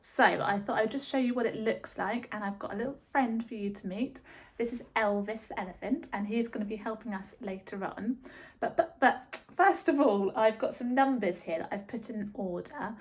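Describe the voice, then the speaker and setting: A woman's voice: fairly high pitch, moderate pace, husky. A woman teacher talking to young children through a handheld camera, cheerful and encouraging, counting in a sing-song way. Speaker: early years teacher.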